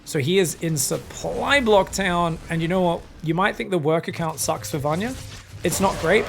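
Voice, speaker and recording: A young man commentates a strategy game match solo, his voice sitting high and jumping even higher when the action turns. He is irreverent and foul-mouthed, riffing jokes between plays, with faint music running underneath. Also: moderate pace, gravelly. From Australia. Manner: excitable, crude, jokey, swears freely. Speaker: esports caster.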